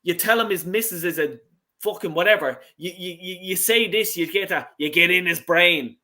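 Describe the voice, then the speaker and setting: A man's voice: high-pitched, normal speed, pushed and bright. A middle-aged Irish man on a football fan call-in show, ranting bluntly and passionately, swearing freely. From Ireland. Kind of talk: heated casual football chat.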